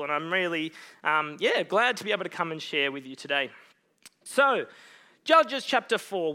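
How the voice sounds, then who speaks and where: A man's voice: sits high, bright, forceful tone. A young man preaching as a guest speaker in a church, chatty and self-mocking, with lots of "um"s. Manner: casual and chatty, many "um"s, self-mocking humor. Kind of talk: sermon.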